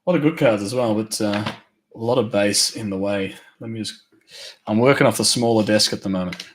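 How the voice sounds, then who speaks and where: A man hosting a live trading card break, rattling off names quickly and upbeat, his voice going hoarse. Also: fairly low pitch, a little hiss or hum. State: losing his voice.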